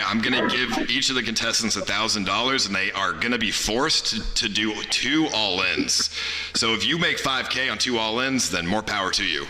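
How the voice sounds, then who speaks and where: A man hosting a stream challenge, explaining its rules in a deadpan, matter-of-fact teasing way. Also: fairly low pitch, roomy sound, long reverb tail, slight background noise, low-quality recording. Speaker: stream host running a prison challenge. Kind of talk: casual stream chat.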